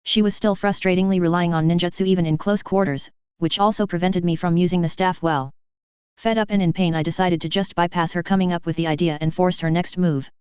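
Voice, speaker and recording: A reader narrating a first-person fan fiction story aloud in a brisk, even storytelling read. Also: medium pitch, clear, resonant tone, dry recording. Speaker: audiobook reader. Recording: dull lo-fi recording.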